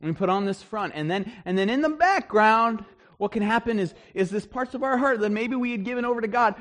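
A man preaching a sermon in an animated way, acting out the voices he quotes. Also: high-pitched, fairly quick, hardly any pauses. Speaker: pastor.

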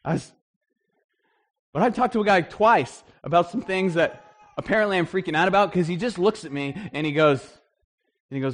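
A man preaching a sermon in a conversational, animated storytelling way, with frequent restarts. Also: high-pitched, moderate pace, long pauses. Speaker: pastor.

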